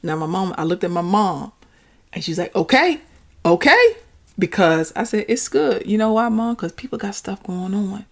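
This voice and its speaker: A woman, hosting a podcast and telling a story in a chatty, animated way, talking straight to her listeners. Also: mid-range voice, normal speed, gravelly. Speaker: podcast host. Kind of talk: casual storytelling monologue.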